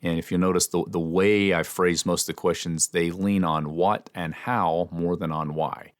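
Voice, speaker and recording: A man hosting an instructional podcast, explaining in a measured way with small restarts. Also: deep voice, steady tone, no room sound, studio quality. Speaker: podcast host and communication trainer.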